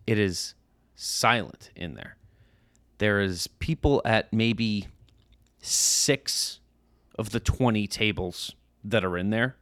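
A podcast co-host in his thirties, a man with a lowish voice, tells a casual story at a slow pace with no echo. He's an animated storyteller who acts out the people in it, imitating voices he overheard.

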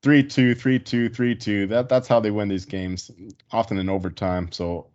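A man's voice: on the low side, fairly even intonation, normal speed, darkish tone, highs cut off. A man giving casual, profane hockey betting picks in a joking, rambling way. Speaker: sports betting panelist. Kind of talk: casual sports betting chat.

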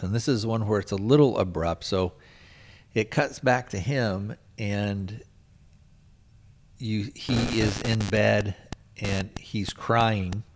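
A man with a somewhat low voice talks through a film's plot in a loose, unscripted way. He hedges and circles back often and leans on filler words as he recaps. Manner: rambling, hedging with frequent filler words. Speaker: podcast host reviewing a film. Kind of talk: casual spoken plot recap.

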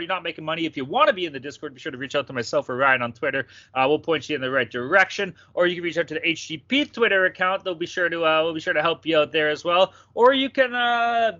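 A man's voice: fairly high pitch, bright, forceful tone, no room sound. A young man co-hosting a sports betting podcast, chatting casually with rowdy, profane banter. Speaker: podcast co-host. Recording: dull lo-fi sound, dry.

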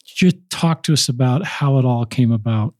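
A man with a mellow, dark voice hosts a podcast interview. His sound is dry and close. He sets up context for listeners and steers the guest with questions. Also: medium pitch, normal speed, dry recording. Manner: guiding, explanatory questions to the guest. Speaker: podcast host.

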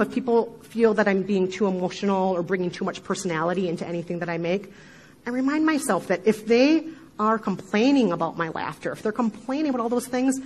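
A middle-aged woman with a Midwestern accent, giving an animated talk to a live audience, with emphatic asides and frequent laughter. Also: fairly high pitch, rough recording. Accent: Midwestern American. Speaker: podcast speaker giving a talk.

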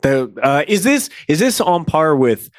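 A man's voice: a little high, very animated, unhurried, no room sound, studio quality. Wry man co-hosting a movie podcast. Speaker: podcast co-host. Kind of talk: casual movie chat.

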